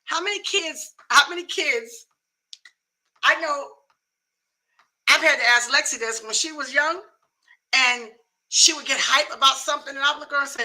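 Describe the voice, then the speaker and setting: Bright, high-voiced woman giving folksy advice. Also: brisk, low-quality recording. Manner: preachy, emphatic, folksy. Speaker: host of a live talk show. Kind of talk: casual live talk.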